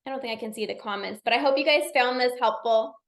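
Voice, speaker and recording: A woman's voice: fairly high pitch, fast talker, reverberant. A woman coach and podcast host giving an upbeat, chatty pep talk to her live audience. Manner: upbeat, chatty, encouraging, many "like"s and repeats.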